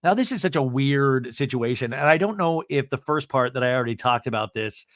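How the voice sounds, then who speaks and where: A man hosting a podcast, casually recapping an episode with wry asides and acting out quotes in jumpy, higher voices. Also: lively intonation, dry recording, studio quality. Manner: acts out quotes with quick pitch jumps. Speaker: podcast host.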